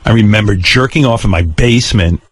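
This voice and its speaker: A man's voice: fairly low pitch, brisk, dry recording. An older man hosting a radio show, telling personal stories in a blunt, profane, wry way. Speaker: radio host. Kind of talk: candid storytelling on talk radio.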